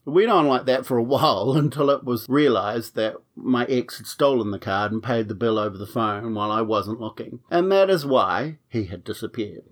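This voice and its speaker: A man recounts his own romantic misadventures in a frank, wry storytelling voice. He swears freely and plays up the comedy, with a mid-range pitch. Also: moderate pace, few pauses. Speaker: podcast storyteller. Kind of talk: comic personal storytelling.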